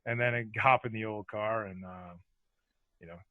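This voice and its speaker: A middle-aged man, a former hockey enforcer, telling rambling, animated stories as a podcast guest. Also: fairly low pitch, normal speed, narrow, tinny audio. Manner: rambling, animated, lots of fillers. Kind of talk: casual storytelling.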